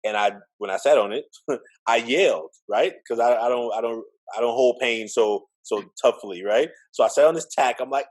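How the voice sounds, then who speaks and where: A middle-aged man telling his life story in a relaxed interview, acting out the voices of the people he quotes. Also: medium pitch, brisk, low-quality recording. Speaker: interview guest, educator. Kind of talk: storytelling in conversation.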